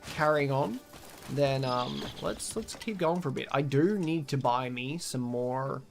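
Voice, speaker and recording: A man's voice: medium pitch, a little slow, vocal fry, over music. A man from Australia with an Australian accent, casually chatting and swearing while streaming a game and reading out chat.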